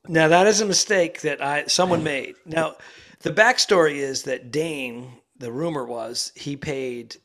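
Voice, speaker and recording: A man co-hosting a podcast, talking casually and rambling from a quiet bedroom. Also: a little high, measured pace. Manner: rambling, relaxed, trails off into murmurs. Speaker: podcast co-host. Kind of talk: casual chat. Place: quiet ensuite bedroom in a busy rental house. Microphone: remote podcast recording.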